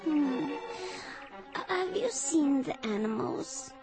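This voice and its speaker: A soft-spoken coaxing young woman. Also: high-pitched, sing-song, slow pace, exaggerated voice. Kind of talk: radio drama acting. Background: music.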